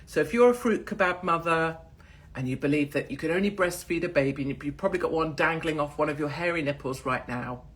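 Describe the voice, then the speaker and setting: A woman's voice: sits low, a little fast. Blunt, profane English woman ranting. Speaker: channel host. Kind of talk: casual rant to camera. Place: in Miami.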